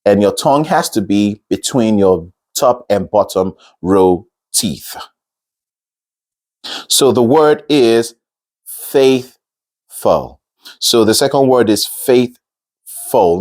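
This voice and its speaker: A man teaching singing, explaining pronunciation slowly and repeating each word to demonstrate the sound. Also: fairly low pitch, darkish tone. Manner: slow, demonstrative, repeats words to model sounds. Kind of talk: vocal lesson on pronunciation.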